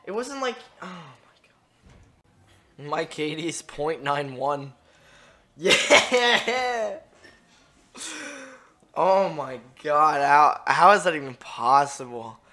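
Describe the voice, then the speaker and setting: A gamer doing live gameplay commentary, ranting profanely at the match and bursting into excited yelling. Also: mid-range voice, slow pace, long pauses. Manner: profane, frustrated ranting at the game.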